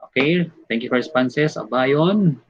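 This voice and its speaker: Filipino man teaching a review class. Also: medium pitch. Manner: switches between English, Tagalog and Cebuano with many fillers; explains slowly and reads examples aloud. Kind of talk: online exam review lecture. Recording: dull lo-fi audio.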